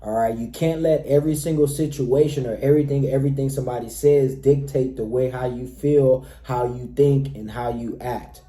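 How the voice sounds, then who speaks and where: Male dating coach, very mellow voice, emphatic, roomy reverb. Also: medium pitch, steady tone, moderate pace, hardly any pauses. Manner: emphatic, repeatedly says "all right, fellas". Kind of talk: direct-to-camera advice talk.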